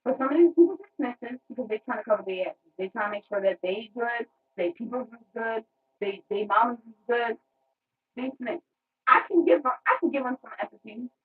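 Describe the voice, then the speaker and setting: Woman vlogger, husky and raspy, blunt and profane, sounds like a phone recording. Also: fairly high pitch, brisk, narrow, tinny audio. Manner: blunt, profane, repeating words for emphasis. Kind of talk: unscripted spiritual rant.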